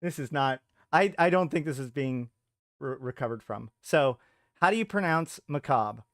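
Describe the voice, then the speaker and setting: A man's voice: medium pitch, expressive, normal speed, dry recording, clean studio sound. A man hosting a live stream, thinking aloud in a casual chat with frequent trailing off and restarts. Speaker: streamer host.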